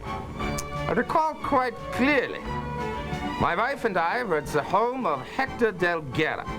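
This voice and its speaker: A poised, formal gentleman being questioned in a period detective game. His voice sits a little high and moves freely, and game music plays clearly beneath him. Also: sing-song, slow, exaggerated voice. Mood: reserved. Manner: crisp, formal, self-assured. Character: poised married gentleman witness, reserved. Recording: game audio over music.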